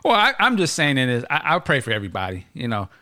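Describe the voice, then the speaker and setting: A man's voice: mid-range voice, dry recording. A man hosting a podcast in casual chat, joking and restarting his sentences as he goes. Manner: animated, joking, halting restarts. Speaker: podcast host.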